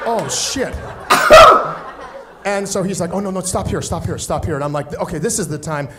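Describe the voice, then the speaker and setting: A man tells a stand-up story with a lot of animation and slips into voices for each person in it. His voice sits a little high, and steady noise runs under the played-back set. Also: brisk. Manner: animated, acts out other people's voices. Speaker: stand-up comedian.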